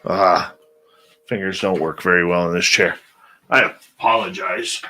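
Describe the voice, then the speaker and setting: A man's voice: low-pitched, measured pace, pushed and bright, soft background music. A middle-aged man hosting a radio show, chatting casually, greeting viewers by name and ranting bluntly. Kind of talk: casual live-stream chat.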